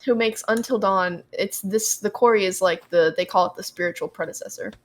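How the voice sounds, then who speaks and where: Casting: young woman podcast co-host, chatty, filler-heavy, mid-pitched. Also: fairly quick. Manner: rambling, heavy on ums and likes. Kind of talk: casual gaming chat.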